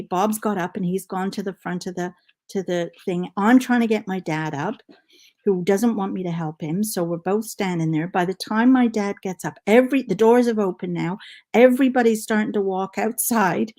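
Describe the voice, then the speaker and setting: A woman's voice: mid-range voice, a little mellow. A middle-aged woman hosting a knitting livestream, telling a rambling story in casual chat and counting stitches aloud.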